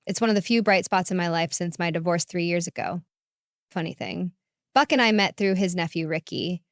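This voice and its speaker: A woman narrating a first-person story in a calm, reflective way. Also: lowish voice, fairly quick, dry recording, studio quality.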